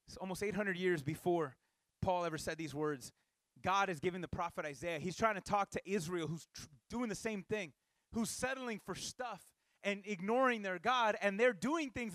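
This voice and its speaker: A male pastor giving a sermon in a casual, animated way, with slang asides to the congregation. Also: high voice, no room sound.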